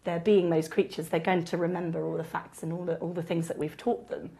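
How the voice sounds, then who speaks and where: A woman's voice: on the low side, little pitch movement, a little fast, gravelly, warm tone. A woman who founded a theatre, eagerly answering interview questions and often repeating words.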